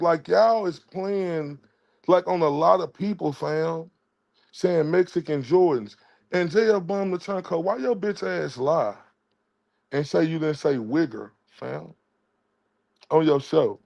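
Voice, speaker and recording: A man delivers a heated, profanity-laced livestream rant. His voice sits a bit high with a gravelly edge. He taunts and mocks the people he is talking to, never letting up. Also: darkish tone, muffled recording. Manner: confrontational, profane, mocking. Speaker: livestream commentator.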